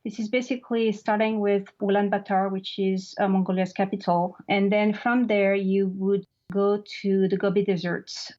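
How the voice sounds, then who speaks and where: A woman's voice: mid-range voice, level tone, moderate pace, few pauses, darkish tone. A woman with a French accent, a native French speaker, answering interview questions as a travel guest in an earnest, enthusiastic way. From France. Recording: dull lo-fi remote line.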